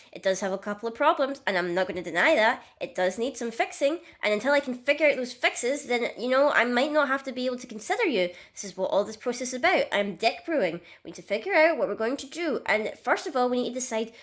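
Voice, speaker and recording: A woman's voice: a little high, expressive, fast talker, few pauses, fairly bright tone. A young woman vlogging casually in a chatty, self-mocking and dramatic way. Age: young adult. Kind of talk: casual comedic vlog.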